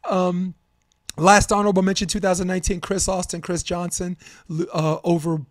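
A man's voice: sits high, flat delivery, moderate pace, dry recording, studio quality. A man hosting a casual sports debate podcast, a coach and commentator, talking candidly and rambling with fillers.

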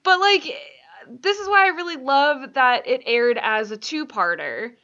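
A woman co-hosting a podcast in easy, chatty conversation, often laughing and padding her talk with fillers. Her voice is bright and forward, and the recording sounds somewhat dull and lo-fi. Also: high voice, expressive, a little slow. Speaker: podcast co-host. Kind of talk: casual chat.

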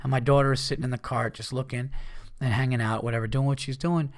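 A man's voice: medium pitch, steady tone, fast talker. A man in his thirties hosting a podcast, telling a long story in a rambling, heated way and swearing often. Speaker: podcast host. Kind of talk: profane storytelling monologue.

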